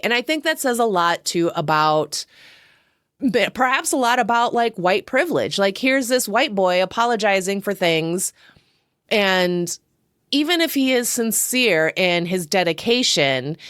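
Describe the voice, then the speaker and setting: A woman's voice: medium pitch, a bit bright, clear, resonant tone, no echo, studio quality. A woman hosting her own podcast, giving a casual, rambling film review with frequent chuckles and self-deprecating asides. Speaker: podcast host.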